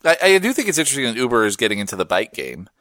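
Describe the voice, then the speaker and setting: A man's voice: very animated, very fast, a bit bright, dry recording, clean studio sound. A man co-hosting a casual podcast, goofy and joking, riffing on the stories. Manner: goofy, riffs and jokes, swings pitch a lot. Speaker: podcast co-host. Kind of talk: casual chat.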